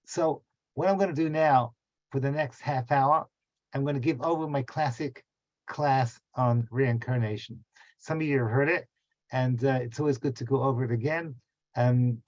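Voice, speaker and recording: Chatty middle-aged rabbi teaching a class. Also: male voice, mid-range voice, a little mellow, no echo, lo-fi sound. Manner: chatty and digressive, many fillers and asides. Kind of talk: informal class storytelling. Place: small back room at home.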